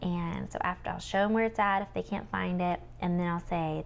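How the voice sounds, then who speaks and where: A young woman who tutors homeschoolers walks through her lesson plan, acting out the prompts she gives children in a sing-song teacher voice. Her voice is on the low side with vocal fry, brisk and nearly pauseless, with a slight hiss or hum.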